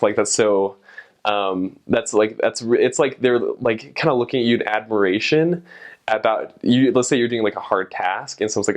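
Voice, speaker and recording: A man's voice: fairly low pitch, brisk. A young man explaining things in a casual, rambling way, with many fillers and restarts. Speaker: vlogger.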